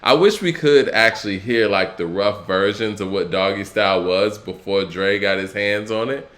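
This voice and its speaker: Man, lowish voice, relaxed, thoughtful, casual hip hop chat, co-host. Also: moderate pace. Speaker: podcast co-host.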